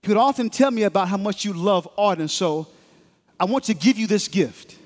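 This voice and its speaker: A preacher voicing a humble young soldier. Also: male voice, high-pitched, animated, moderate pace, big-room sound. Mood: earnest. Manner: earnest, polite.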